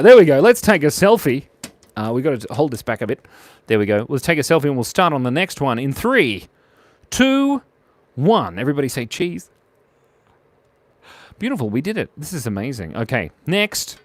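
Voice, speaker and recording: An Australian man hosting a live drawing stream, chatting playfully with viewers and giggling at their jokes. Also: medium pitch. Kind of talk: casual live drawing chat.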